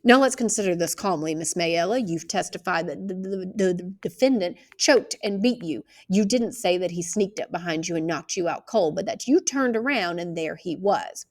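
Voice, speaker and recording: A woman reading aloud, voicing a calm older male lawyer who asks measured, probing questions. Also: on the low side, lightly acted.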